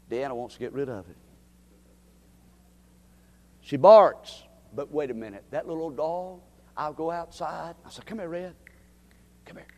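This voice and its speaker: A man preaching a sermon, dropping to a hush and rising to shouts. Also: mid-range voice, long reverb tail, highs cut off. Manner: dramatic swings from hushed to shouting.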